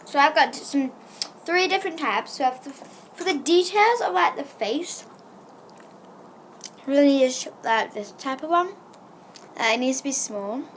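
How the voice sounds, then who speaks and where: A woman's voice: high voice, lively intonation, unhurried, pauses often, a little hiss or hum. Chatty, hesitant young-sounding woman. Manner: rambling, hesitant, many fillers. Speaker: craft tutorial presenter. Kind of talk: casual how-to narration.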